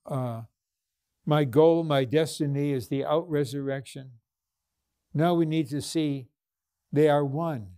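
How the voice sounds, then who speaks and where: A man preaching a conference sermon, slow and emphatic, repeating his points and breaking into prayer. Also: on the high side, mellow, dry recording, clean studio sound. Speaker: conference speaker.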